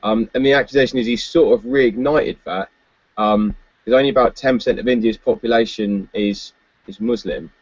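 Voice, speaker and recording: A man in the middle of his range chats casually about the news, laughing often and filling pauses with "um". The sound is muffled and dead dry, with no room around it. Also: mid-range voice, dry recording. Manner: chatty, laughs often, many fillers. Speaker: podcast co-host. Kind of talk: casual political chat.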